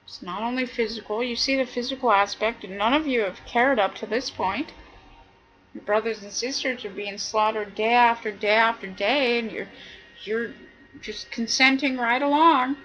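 A woman delivers an impassioned, indignant rant, her voice pitched a little high. Her tone is bright and sharp, and she keeps driving her points home through repetition. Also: normal speed, dull audio. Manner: indignant, preachy, repetitive emphasis. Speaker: video commentator. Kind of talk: impassioned monologue.

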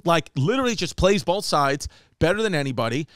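A man from New York hosts a podcast, spinning comic stories in loose, animated chat. His voice sits a bit high and comes through smooth and clear. The sound is dry and close. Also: a little fast, no echo. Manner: animated, raises pitch for quoted voices. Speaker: podcast host and comedian. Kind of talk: casual storytelling chat.

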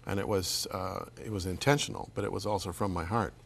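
A man hosting an interview, asking questions and sharing reflections in a measured way, sometimes dropping to a near whisper. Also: sits low, fairly even intonation, vocal fry, slight background noise. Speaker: interview host. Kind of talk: interview conversation.

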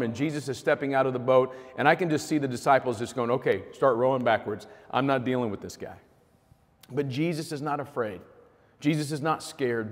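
A male pastor preaching a sermon in a conversational, storytelling way. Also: on the high side. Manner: conversational, vivid storytelling with fillers. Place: church hall. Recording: long hall reverb.

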